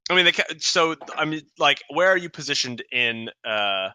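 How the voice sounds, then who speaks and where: A man's voice: fairly high pitch, expressive, normal speed, sharp tone, slight background noise. A man narrating as game master of a tabletop game, rambling with restarts and acting out guards.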